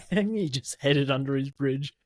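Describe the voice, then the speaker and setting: A man's voice: medium pitch, expressive, measured pace, a little mellow, dry recording. A man co-hosting a podcast in casual chat, laughing easily and telling stories against himself. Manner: laughs easily, chatty and self-mocking. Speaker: podcast co-host.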